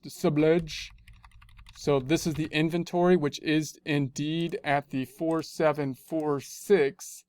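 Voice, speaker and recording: A man's voice: on the high side, a little mellow, clear, resonant tone, no room sound. A man teaching accounting in a screencast, talking through each spreadsheet step and often repeating his phrases. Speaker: accounting instructor. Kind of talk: screencast tutorial narration.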